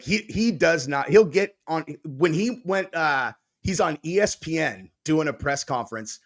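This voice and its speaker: A man co-hosting a podcast in casual chat, laid-back and profane, with animated storytelling. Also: fairly high pitch. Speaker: podcast co-host.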